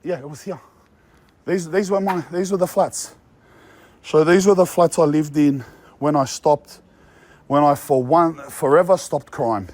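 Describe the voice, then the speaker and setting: Unhurried and pausing often, a young Australian man speaks in a fairly high, slightly mellow voice with no room sound. He's a social media personality filming a casual walking vlog outdoors among apartment blocks, brash and boastful, using street slang.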